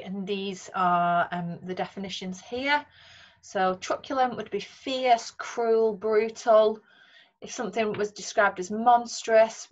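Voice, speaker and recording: A woman teacher with a Northern English accent, talking students through a recorded lesson in a clear, patient way with frequent ums. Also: medium pitch, lo-fi sound. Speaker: secondary school English teacher. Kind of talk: recorded remote lesson talk over slides.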